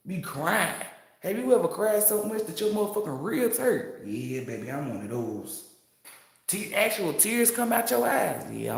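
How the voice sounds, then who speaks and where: Brash, profane woman in an echoey room. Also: sits low. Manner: brash, profane and boastful, laughing often. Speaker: tarot reader. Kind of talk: casual spiritual monologue.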